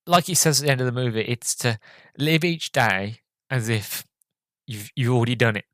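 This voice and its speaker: A man hosting a podcast, talking through a movie review in a halting, hesitant way with many fillers, audibly choked up and emotional. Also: mid-range voice, lively intonation, a bit bright, no room sound. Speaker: podcast host.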